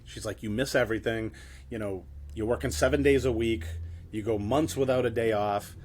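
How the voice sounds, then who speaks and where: A middle-aged man giving a motivational talk, telling his own story bluntly, swearing and tagging points with "right?". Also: medium pitch. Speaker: keynote speaker.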